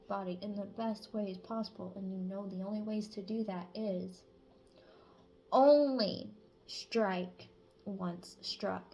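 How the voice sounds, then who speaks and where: A woman's voice: medium pitch, darkish tone. A woman reading tarot messages in a casual, chatty way, swearing freely and sometimes dropping to a whisper. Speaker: tarot reader.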